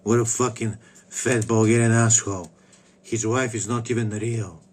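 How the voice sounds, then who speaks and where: A man's voice: medium pitch, steady tone, moderate pace, slight background noise, natural voice. A man putting on a childish, cartoonish impression of a woman, whiny and profane. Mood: mocking whine.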